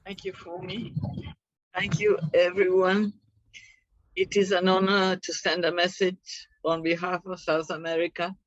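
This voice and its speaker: A woman speaks over a video call, unhurried and steady, her pitch barely moving. She pauses often, earnest and measured. The sound is dull and lo-fi but dry, with no room around it. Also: no echo. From Uruguay. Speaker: guest speaker. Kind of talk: prayerful address.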